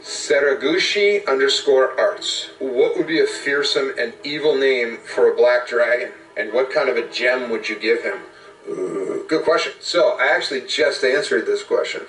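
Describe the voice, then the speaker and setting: Man answering fan questions, rambling and animated; roomy sound, mic set back. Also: medium pitch, normal speed, soft background music. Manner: animated, rambling, slips into character voices. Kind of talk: casual Q&A. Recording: roomy, from a distance.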